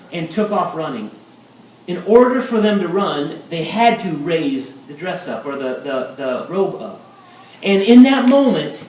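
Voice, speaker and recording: A man preaching a sermon as a pastor, animated and rising to shouts at times. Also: high voice. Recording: echoey room, mic at a distance.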